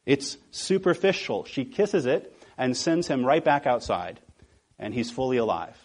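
Husky-voiced pastor preaching with emphasis. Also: male voice, mid-range voice, big pitch swings, a little mellow. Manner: emphatic, rhetorical questions, slows down to stress key words. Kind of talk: sermon.

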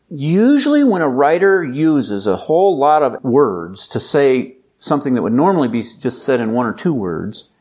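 A man preaching a sermon in a conversational, emphatic way, building up to loud, intense exhortation. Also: on the high side, breathy edge. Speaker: pastor.

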